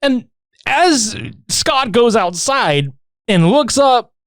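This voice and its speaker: A man co-hosting a podcast, retelling a film plot in casual, profane, animated chat. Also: very high voice, very slow, dry recording, clean studio sound. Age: older adult. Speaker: podcast co-host.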